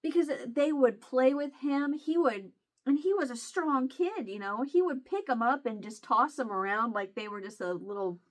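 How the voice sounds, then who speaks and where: A woman vlogger talking casually to camera in a halting, emotional way, close to tears, with a Southern Illinois accent. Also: high voice. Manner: halting, emotional, many restarts. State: near tears.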